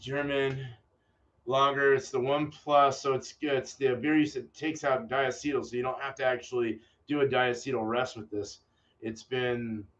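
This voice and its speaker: A man's voice: medium pitch, a bit bright. A man hosting a homebrewing vlog, thinking aloud in a casual, distracted way and swearing offhandedly. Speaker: homebrewer and channel host. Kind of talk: casual rambling vlog talk. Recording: dull lo-fi audio from a distance.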